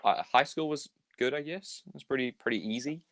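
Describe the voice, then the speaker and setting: A man's voice: medium pitch, animated, fairly quick, no echo. A young man with a New Zealand accent, a podcast guest chatting casually in a loose, laid-back way with lots of fillers and the odd swear. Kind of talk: casual chat.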